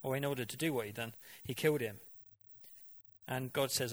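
A man's voice: medium pitch, a little fast. A man preaching a sermon in a conversational way, often asking the congregation questions and now and then mimicking voices for effect.

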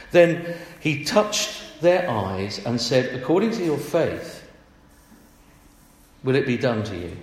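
A man preaching a sermon in a chatty, animated way, often laughing as he talks. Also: a little high. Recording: echoey hall.

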